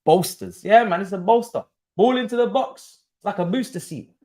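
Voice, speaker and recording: A man's voice: sits high, moderate pace, warm tone. Young man, football streamer, casual and sweary, mutters then rants. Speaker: streamer hosting a football watchalong. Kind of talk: casual live-stream chat.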